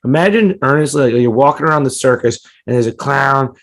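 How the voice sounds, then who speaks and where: A man's voice: lively intonation, brisk. A man co-hosting a comedy podcast, ranting casually with lots of swearing and mocking put-on voices. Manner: profane, ranting, jumps into high mocking voices. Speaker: podcast co-host.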